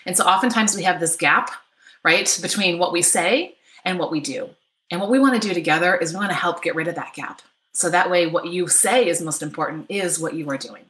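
A woman's voice: on the low side, a little fast, a bit bright, echoey room. A middle-aged woman coaching an online workshop, upbeat and chatty, often checking in with "right?". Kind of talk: live online workshop talk. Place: home office.

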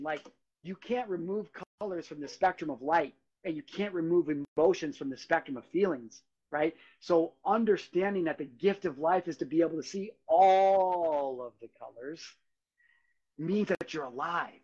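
Dull lo-fi audio captures a man with a high-sitting voice, talking at a normal speed. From a podcast studio, he hosts his own show and delivers a sincere, easygoing motivational monologue alone.

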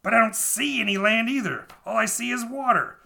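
A man's voice: very high voice, a little fast, creaky, pushed and bright, pitched above the performer's own voice, exaggerated voice. A man voicing a worried, wistful male sailor from a storybook in a raised, plaintive way. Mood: fretful.

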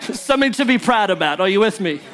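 A man's voice: high-pitched, expressive, fast, fairly bright tone, some chatter behind. A male pastor preaching a sermon in church, emphatic and joking with his congregation.

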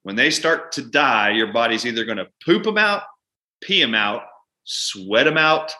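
A man with a bright, forceful voice tells a clinic story in an interview. He talks animatedly and acts out both sides of a conversation with a patient. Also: medium pitch, lively intonation, moderate pace. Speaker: doctor and guest.

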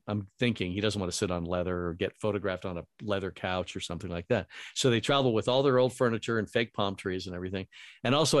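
A middle-aged radio host and voiceover talent with a fairly low voice tells rambling, casual anecdotes packed with quoted dialogue. The recording is studio quality with no echo.

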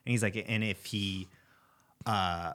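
A man's voice: lowish voice, steady tone, slow, fairly bright tone. A young man co-hosting a casual talk show, thinking aloud in a rambling way. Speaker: podcast co-host. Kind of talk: casual chat.

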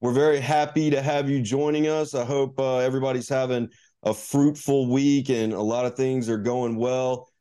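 A man hosting a business podcast, greeting listeners and introducing a guest in a relaxed, halting way with many fillers. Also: medium pitch, clear, resonant tone. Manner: hesitant, many ums and restarts. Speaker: podcast host. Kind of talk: casual interview hosting.

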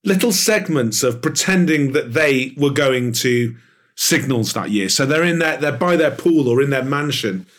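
A man being interviewed as an author, talking in an animated, enthusiastic way with plenty of fillers. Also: medium pitch, moderate pace. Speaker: author and guest. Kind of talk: podcast interview.

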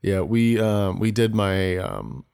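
A man's voice: low-pitched, sing-song, takes it slowly, vocal fry, darkish tone, clean tone. A man who is a guest on a podcast, chatting casually in a loose, profane way with many "um"s and restarts. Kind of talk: casual chat.

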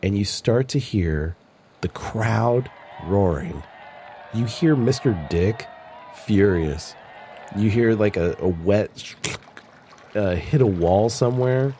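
A man's voice: on the low side, expressive, slow pace, mellow, a little hiss or hum. A man narrating a tabletop game as game master, joking and laughing often.

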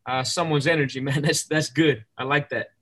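An enthusiastic male host talks through ideas out loud, doubling back on words as he thinks. His voice sits a touch higher than most men's, and his tone is keen and conversational. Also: steady tone, a little fast. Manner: enthusiastic, reflective, repeats words while thinking. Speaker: podcast host. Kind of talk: casual interview conversation.

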